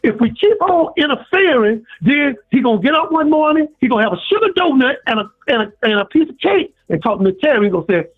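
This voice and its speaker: A man calling in to a show and giving a preachy, repetitive, animated rant. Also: very high voice, quick pace, hardly any pauses. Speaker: caller. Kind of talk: impassioned call-in rant. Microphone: phone. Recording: tinny phone line.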